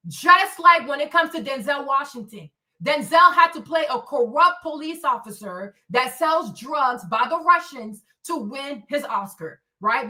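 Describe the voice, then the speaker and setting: This livestream host, an African woman, speaks in a high-pitched voice with a bright, forceful edge. Her solo commentary is a blunt, profane, confrontational rant in which she keeps asking "right?", picked up on a slightly distant microphone.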